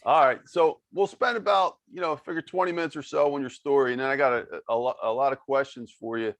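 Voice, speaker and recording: A man from South Philadelphia hosting a video call podcast interview, friendly and halting, often repeating his words. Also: medium pitch, steady tone, fairly bright tone, no room sound. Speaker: podcast host. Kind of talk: casual interview.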